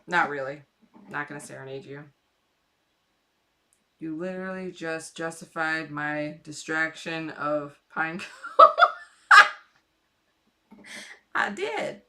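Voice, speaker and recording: A woman's voice: low voice, expressive, slow pace, pauses often, bright, forceful tone. A woman streaming live while carving a pumpkin, chatting playfully and rambling to her viewers. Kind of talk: casual live-stream chat.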